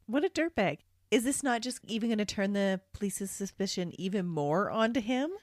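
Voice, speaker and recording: A woman's voice: mid-range voice, lively intonation, moderate pace, no room sound, studio quality. A woman co-hosting a podcast, reacting to the story with mocking, incredulous comments in casual chat. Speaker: podcast co-host.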